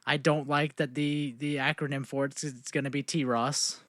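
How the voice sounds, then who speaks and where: A man co-hosting a podcast in casual chat, relaxed, often trailing off quietly. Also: medium pitch, normal speed, no echo, studio quality. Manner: relaxed, trails off quietly, mock announcer bits. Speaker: podcast co-host.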